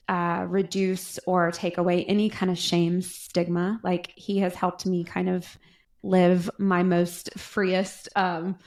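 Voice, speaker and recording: A woman in her forties who co-hosts a podcast speaks in a mid-range, creaky voice with a darkish tone. She's the guest's mother, chatting casually about her son in a heartfelt, emotional way, slow and searching.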